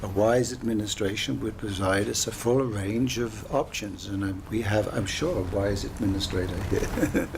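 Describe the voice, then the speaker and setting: A man city councillor speaking up in a council debate, wry and deliberate. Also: fairly low pitch, gravelly, slight background noise.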